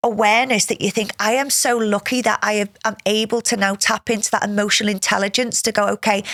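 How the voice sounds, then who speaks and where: A woman hosting a podcast interview, effusive and chatty, laughing often and thinking out loud. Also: mid-range voice, fairly even intonation, fast, dry recording, studio quality. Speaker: podcast host. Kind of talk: casual interview chat.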